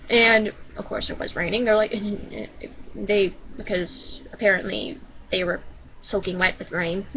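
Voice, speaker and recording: A woman's voice: mid-range voice, vocal fry, highs cut off, a little hiss or hum. A woman vlogger from Michigan telling a personal story casually, rambling and often restarting her sentences.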